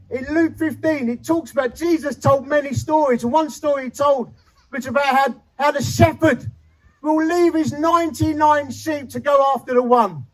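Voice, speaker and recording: A man's voice: very high voice, poor audio. A man, preaching a sermon and telling his conversion story with feeling and humor. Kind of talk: sermon testimony. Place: chapel.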